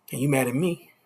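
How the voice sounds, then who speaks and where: A man's voice: mid-range voice, pushed and bright, husky. A man preaching a casual street sermon, stopping often to ask "you see?" and chuckling between points.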